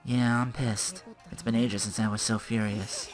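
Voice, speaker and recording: A woman voicing a deadpan, emotionless teenage ninja girl from a game, reading her lines flat and understated. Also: a bass voice, normal speed, soft background music.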